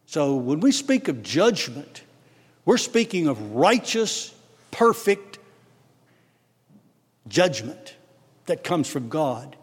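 Texan preacher, slow and emphatic. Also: male voice, sits high, sing-song. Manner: emphatic, swelling on key words, rapid asides. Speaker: pastor. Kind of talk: sermon. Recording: long hall reverb.

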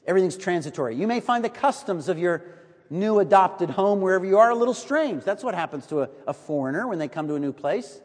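Animated man preaching in a reverberant hall. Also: high voice, quick pace. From United States. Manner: storytelling, animated, drops to a hush for emphasis. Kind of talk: sermon.

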